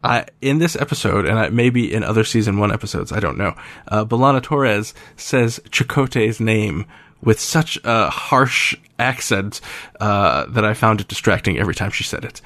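A man's voice: lowish voice, animated, normal speed, a bit bright, dry recording. A man hosting a podcast, chatting casually and rambling with frequent filler sounds. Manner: rambling, many uh fillers, wry. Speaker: podcast host.

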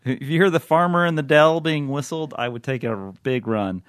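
A man's voice: mid-range voice, expressive, moderate pace, clean tone, no echo. Male podcast host, loose and joking, prone to laughter, dry close-mic sound. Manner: jokey, laughs often, rambling. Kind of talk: casual podcast chat.

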